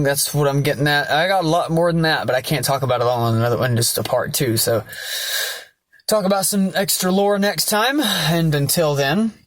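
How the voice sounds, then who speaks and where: A man's voice: on the high side, no room sound. A young man casually and ramblingly retelling a story, swearing and using many fillers. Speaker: vlogger.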